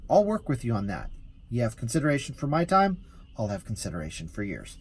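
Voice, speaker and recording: Male rideshare driver, chatty and amused, average pitch, loose storytelling. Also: wildly swooping pitch, brisk, husky. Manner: easily amused, rambling with restarts. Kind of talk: casual storytelling vlog.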